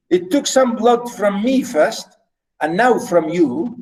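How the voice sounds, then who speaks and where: Lecturer, male, higher voice, unhurried, rhetorical and animated. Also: poor audio. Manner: animated, rhetorical questions, many fillers. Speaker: literature lecturer. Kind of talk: classroom poetry lecture.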